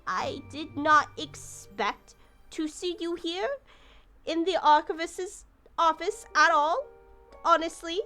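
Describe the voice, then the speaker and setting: A woman's voice: extremely high pitch, takes it slowly, pushed and bright, faint music behind, voice pushed up, heavily acted. A woman voicing an awkward, frazzled male archivist who stammers nervously. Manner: stammering, flustered.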